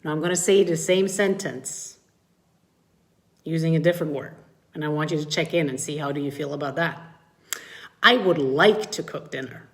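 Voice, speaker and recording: A middle-aged woman coaches mothers during a live-streamed talk, addressing viewers in a low voice at a fairly quick pace. When she acts out feelings, her voice swoops animatedly.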